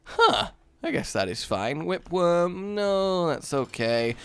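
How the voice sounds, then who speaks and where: A man's voice: high voice, big pitch swings, slow pace, smooth, dry recording. A man hosting a gaming channel, giving rambling, jokey let's-play commentary full of asides.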